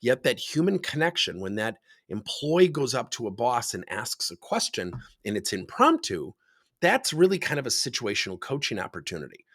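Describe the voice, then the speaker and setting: A man who coaches leaders speaks to camera at normal speed with a medium-pitched voice. He's an animated storyteller, acting out the dialogue in his workplace stories about coaching.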